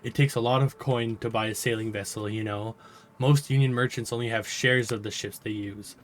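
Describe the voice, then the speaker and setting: A man's voice: medium pitch, fairly even intonation, moderate pace, lightly acted. A man reading a sarcastic, fed-up dock officer woman. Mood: exasperated. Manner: sarcastic, exasperated, swearing.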